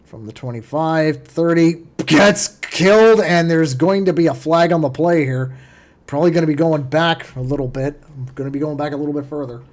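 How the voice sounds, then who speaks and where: A man hosting a live watchalong stream, giving casual play-by-play commentary as an excitable fan who swings between quiet muttering and loud cheering. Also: a little high, fairly quick. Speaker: livestream watchalong host.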